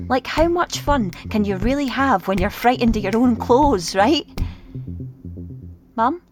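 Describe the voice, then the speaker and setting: A woman reading a first-person storybook as an expressive child narrator. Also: fairly high pitch, normal speed. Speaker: audiobook reader. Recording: read over clear music.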